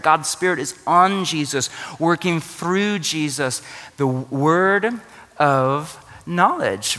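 Man preaching, fairly high voice, bright and tense tone, long church-hall reverb, chatty with jokes. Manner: conversational, joking asides. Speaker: pastor. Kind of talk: sermon.

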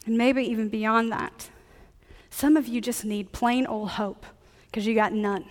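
A woman pastor preaching a sermon in a relaxed, conversational way, joking with her congregation. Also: fairly high pitch, unhurried, in a large hall.

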